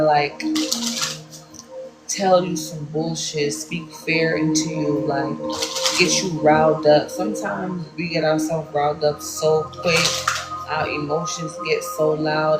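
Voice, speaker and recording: A woman's voice: low voice, roomy sound, poor audio. A woman from New York with a New York accent gives a casual spiritual card reading. She speaks in loose slang, swears freely and calls her listeners "baby".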